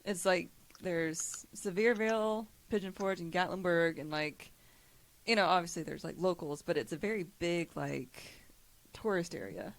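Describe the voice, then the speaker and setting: A woman's voice: fairly low pitch, moderate pace. A woman raised in Kentucky, hosting a podcast in a rambling, giggly chat. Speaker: podcast host. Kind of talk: casual chat.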